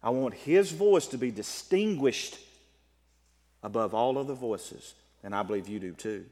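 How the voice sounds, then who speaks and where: A man preaching a sermon as pastor, animated, with a rising and falling delivery. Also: medium pitch, a little slow. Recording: long reverb of a large hall.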